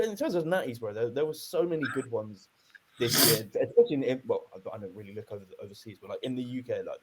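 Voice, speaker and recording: A man's voice: mid-range voice, darkish tone, slightly rough. A young man co-hosting a podcast, chatting casually and animatedly and swearing freely. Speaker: podcast co-host. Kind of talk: casual chat.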